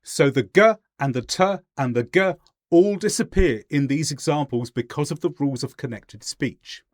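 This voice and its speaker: A man teaching English pronunciation in a clear, deliberate lesson voice, demonstrating example sentences slowly. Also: a little high, dry recording, clean studio sound. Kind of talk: scripted lesson narration.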